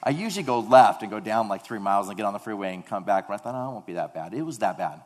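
A man's voice: on the low side, fast. A man in his thirties preaching a sermon, telling family stories in a conversational, emphatic way. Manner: conversational storytelling, animated and emphatic. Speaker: pastor. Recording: long echo of a large hall.

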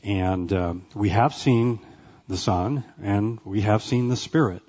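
A man teaching a Bible class in a conversational way, often checking in with "right?" and "okay?" and pausing with "uh" between phrases. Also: on the low side, darkish tone, dull audio.

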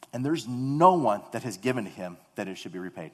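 Speaking at normal speed in a slightly high voice, a man in his thirties preaches, sharing family stories in a lively, emphatic, conversational way. The recording carries the long echo of a large hall.

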